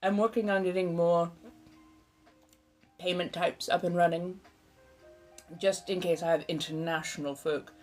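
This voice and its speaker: A woman in her forties hosting a livestream in a put-on old-fashioned American accent, theatrical, flowery and chatty, calling viewers darling. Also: on the low side. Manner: talkative chatterbox. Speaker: livestream host.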